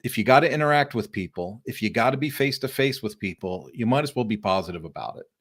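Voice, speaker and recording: A middle-aged man hosting a casual live-streamed interview, telling lively stories and acting out friendly greetings. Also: medium pitch, fast talker. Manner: animated storyteller, acts out friendly greetings. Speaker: podcast host. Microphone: remote live-stream call.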